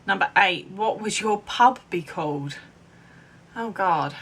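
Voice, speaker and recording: A woman's voice: medium pitch, lively intonation, slow pace, fairly bright tone, husky. A young woman in her twenties from England chatting casually to camera, rambling with lots of "um" and "like". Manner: chatty, rambling, many ums and likes. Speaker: vlogger.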